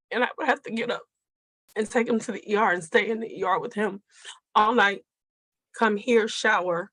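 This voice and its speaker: A middle-aged woman with a fairly low voice tells a personal story to a group. She talks in an earnest, conversational way and speaks straight to her listeners. The sound is dry and close. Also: a bit bright, no room sound. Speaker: nurse sharing a personal grief story at a forum.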